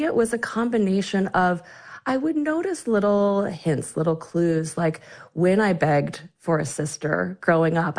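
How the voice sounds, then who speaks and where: Woman, 40s, radio interview guest, low pitch, gravelly, earnest, reflective, restarts often. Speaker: author and guest. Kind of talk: radio interview, personal storytelling.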